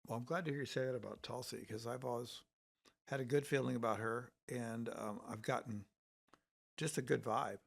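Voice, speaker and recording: A man's voice: mid-range voice, fairly even intonation, moderate pace, creaky. A man hosting an interview, talking in an earnest, agreeable way with many fillers. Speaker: host. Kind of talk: casual chat.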